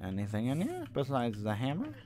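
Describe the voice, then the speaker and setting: A man's voice: medium pitch, huge pitch swings, fairly quick, noisy background. A young man voicing a horror game playthrough, jumpy and swearing, pleading with and joking at the monsters. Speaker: gaming channel host. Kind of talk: horror game let's play commentary.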